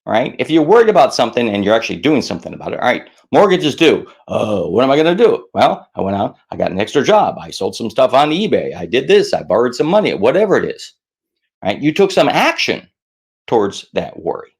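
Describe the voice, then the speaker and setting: This middle-aged man talks fairly quickly as he gives relaxed advice on handling stress straight to camera. Animated and poking fun at himself, he puts on higher-pitched voices to mimic worriers.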